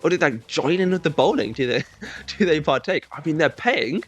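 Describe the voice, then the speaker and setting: A young man telling a sarcastic comedic monologue, mock-self-righteous, breaking into shrill squeaky voices when he mimics kids. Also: expressive, brisk, breathy edge. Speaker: comedic storyteller.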